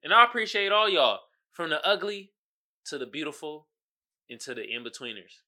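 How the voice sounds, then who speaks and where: A man's voice: on the high side, sing-song, normal speed, pushed and bright. A man hosting his own podcast, talking casually and animatedly, with frequent exclamations and laughter. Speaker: podcast host. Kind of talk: casual solo commentary.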